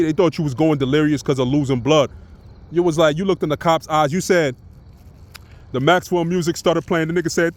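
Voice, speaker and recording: A man's voice: on the high side, fairly even intonation, normal speed, pauses often. A man from Brooklyn, delivering a profane, mocking roast rant and repeatedly asking "you know what I'm saying". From Brooklyn, New York. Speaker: vlogger.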